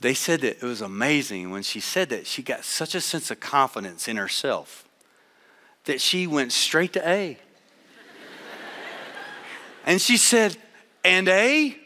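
A man preaching a sermon to a live audience, telling a story with animated voices for the people in it. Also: on the high side, big-room sound.

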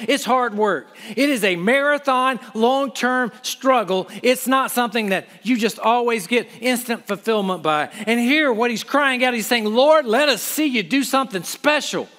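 A man's voice: very high-pitched, pushed and bright, in a large hall. A man preaching a sermon with impassioned, pleading delivery and conversational asides.

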